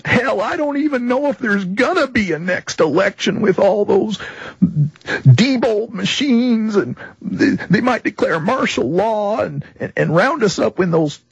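A man's voice: high-pitched, animated, measured pace, creaky, breathy edge, no echo, voice pushed up, full character voice, rough recording. A man voicing a frail 82-year-old male war veteran, shaken and indignant, his voice breaking near tears. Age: older.

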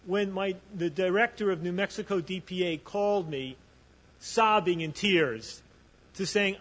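High-voiced man telling stories in a hall. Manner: animated storytelling with frequent restarts. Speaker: advocate speaking on a panel. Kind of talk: conference talk.

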